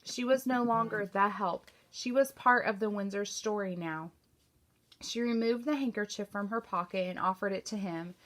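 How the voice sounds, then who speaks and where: A woman teacher narrates a novel for her class in a mid-pitched voice. Her reading is steady and even-paced. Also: normal speed. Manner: steady storytelling.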